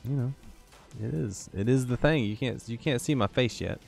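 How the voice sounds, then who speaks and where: A man's voice: mid-range voice, moderate pace, vocal fry, a little mellow, soft background music. A tired man giving rambling, joking commentary to himself while playing a video game. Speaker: gaming YouTuber. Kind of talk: casual gameplay commentary.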